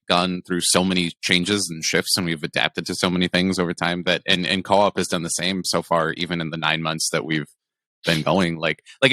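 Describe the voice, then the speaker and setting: A man's voice: low-pitched, pushed and bright, no echo, studio quality. A man guesting on a podcast as a comedy streamer, chatting casually and rambling with lots of fillers over a remote call mic. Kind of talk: casual chat.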